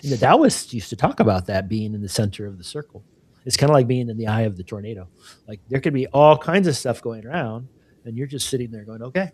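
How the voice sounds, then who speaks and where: A man hosts a laid-back interview podcast, his voice slightly husky. He thinks aloud, circling back and restarting as he unfolds an old parable for his guest. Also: mid-range voice, animated, fast. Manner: reflective, rambling storyteller with restarts and "you know". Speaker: podcast co-host. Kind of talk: casual conversational interview.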